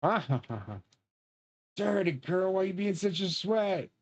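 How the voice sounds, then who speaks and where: A man rambling in a profane, excitable way while he plays a game and comments. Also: high voice, unhurried. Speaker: game streamer.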